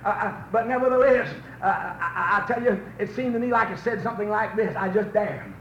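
A man preaching a revival sermon, telling folksy stories that build into fervent shouts. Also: high-pitched, fast talker. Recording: roomy, dull old recording with faint hiss.

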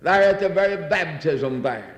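A fervent male preacher with a high voice delivers a sermon, repeating his phrases and reading scripture aloud. His voice rings through a large hall with a long, echoing tail. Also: animated, moderate pace. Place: church. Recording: echoey hall.

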